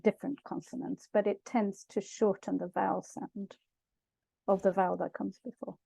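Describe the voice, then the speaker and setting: A woman's voice: mid-range voice, little pitch movement, moderate pace, gravelly, warm tone, husky, no echo, low-quality recording. A woman teaching a language class online, explaining sounds patiently and chatting with viewers.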